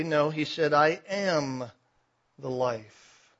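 A man preaching a sermon, swinging between loud declarations and quiet asides. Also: high-pitched, expressive, slow, highs cut off. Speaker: pastor.

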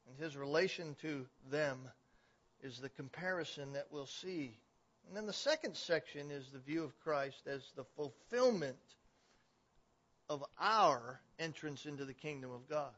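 A man preaching a sermon, building from steady explanation to loud, emphatic declarations. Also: fairly high pitch, unhurried. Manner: swells to emphatic, raised declarations. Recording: dull, lo-fi recording.

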